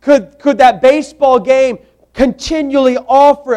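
A man's voice: very high voice, steady tone, measured pace, warm tone, lo-fi sound. A man preaching a sermon, emphatic, repeating words for stress and putting questions to the congregation.

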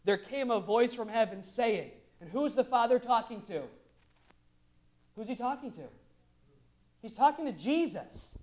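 A male pastor preaching a sermon, moving between quiet asides and loud, emphatic bursts. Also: very high voice, expressive, measured pace, long pauses.

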